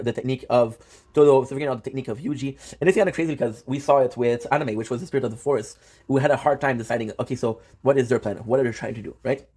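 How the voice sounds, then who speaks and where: A man giving casual, excitable reaction commentary on a manga, swearing often and full of fillers and restarts. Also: mid-range voice. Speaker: manga reviewer.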